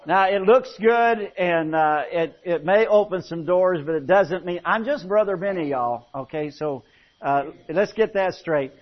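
A man's voice: high voice, a little slow. A man preaching a sermon, telling folksy, humorous stories and often restarting his phrases. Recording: dull lo-fi recording.

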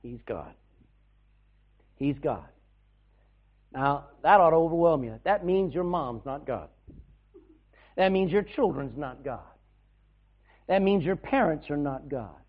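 A man preaching a sermon, telling stories with loud bursts and hushed asides. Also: fairly high pitch, slow pace, pauses often. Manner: animated storytelling, shouting bursts and hushed asides. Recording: tinny phone-like sound.

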